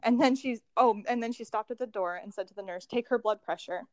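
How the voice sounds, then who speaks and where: A woman guest telling a personal story in a casual, expressive way, often laughing and acting out what others said. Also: fairly high pitch, quick pace, dry recording, studio quality. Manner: expressive, laughs often, acts out quoted dialogue. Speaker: podcast guest.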